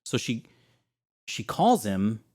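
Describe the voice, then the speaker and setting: A man's voice: fairly low pitch, slow. A young man co-hosting a casual podcast chat, telling a story and acting out the quotes. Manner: animated storyteller, acts out quotes. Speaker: podcast co-host.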